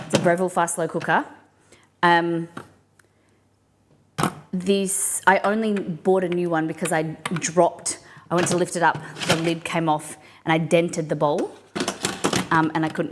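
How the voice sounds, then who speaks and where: A woman's voice: fairly low pitch, background noise. A young woman from Australia with a mild, blended Australian accent, chatting casually on a live cooking stream and answering her viewers as she rambles. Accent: mild Australian, mixed and softened.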